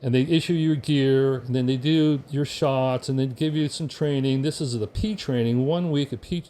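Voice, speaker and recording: A man's voice: medium pitch, moderate pace, warm tone, a little hiss or hum. An older American man, a veteran guest on a podcast, telling casual stories with wry humor and acting out the people he quotes. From United States. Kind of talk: casual storytelling.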